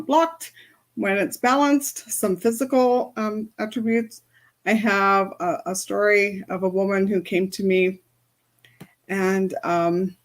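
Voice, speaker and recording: A woman who works as an energy healer gives a casual spoken lesson on chakras in a mid-range voice, with many fillers. She also tells a story from her practice.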